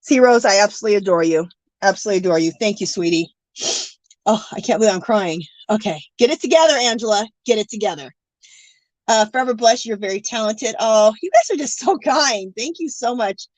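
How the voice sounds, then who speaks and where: A woman's voice: medium pitch, animated, fairly quick, no echo. A middle-aged woman hosting an art livestream from home, chatting casually and reading viewer comments, gushing and teary. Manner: warm, gushing, emotional, scattered.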